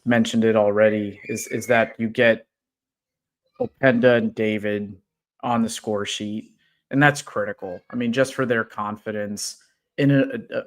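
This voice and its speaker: A man makes measured, analytical points on a casual football podcast. His voice sits a little low. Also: fairly bright tone. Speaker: podcast co-host.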